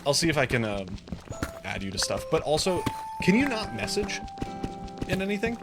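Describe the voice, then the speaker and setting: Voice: medium pitch, big pitch swings, normal speed. Rambling streamer over game music. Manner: rambling, self-deprecating, chatty. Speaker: live streamer. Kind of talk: casual gameplay commentary.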